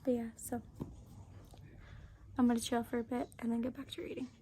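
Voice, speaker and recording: A young woman talking casually in a reading vlog, chatty and filling her talk with "like," swearing when excited. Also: on the high side, brisk, rough recording. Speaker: book vlogger.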